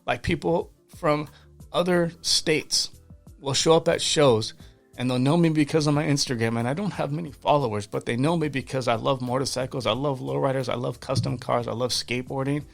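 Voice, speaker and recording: A man's voice: medium pitch, brisk, vocal fry, soft background music. A man guest on a podcast, telling faith stories in an earnest, fervent way, with many restarts and repeated words. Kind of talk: casual interview storytelling.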